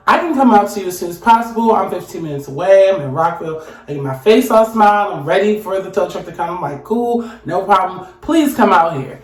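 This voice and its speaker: A young woman in casual storytime chat, animated and talking straight to her viewers. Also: medium pitch. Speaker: vlogger. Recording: echoey room.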